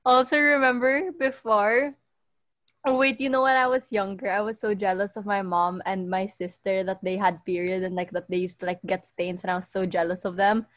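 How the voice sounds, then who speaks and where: A woman's voice: medium pitch, normal speed, no echo, studio quality. A young woman casually telling embarrassing school stories, acting out what people said. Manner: animated storyteller who acts out quotes. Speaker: podcast co-host. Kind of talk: casual chat.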